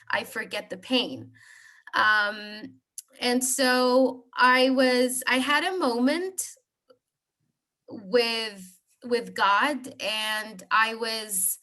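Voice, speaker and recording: A woman's voice: mid-range voice, sharp tone. A woman in her thirties telling her personal healing story as a guest on a call, hesitant, with many fillers and restarts. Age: 30s. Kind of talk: personal testimony on a group call.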